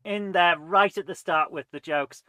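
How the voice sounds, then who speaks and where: A man's voice: high-pitched, a little slow, bright, forceful tone, no room sound. A man chatting casually on a live game stream, rambling, reading viewer comments aloud and eating between remarks. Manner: rambling, reads chat aloud, eats while talking.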